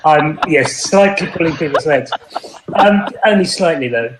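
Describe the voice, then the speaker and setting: A man's voice: on the high side, expressive, measured pace, echoey room, background noise. A man co-hosting a podcast, answering in a good-humoured way with short replies. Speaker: podcast co-host.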